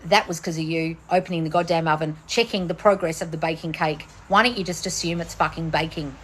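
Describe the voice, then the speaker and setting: A woman manifestation coach sits outdoors answering viewer questions on a casual livestream, bluntly and with frequent swearing. Her voice is a bit bright and steady in tone, her pace brisk, and she swings between shrill bursts and low mutters over slight background noise.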